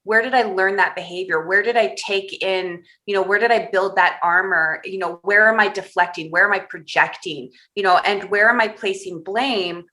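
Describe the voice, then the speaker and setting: Bright-voiced woman telling a candid story. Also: medium pitch, normal speed, few pauses. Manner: candid, animated storyteller who laughs through hard memories. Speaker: podcast guest. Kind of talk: podcast interview storytelling.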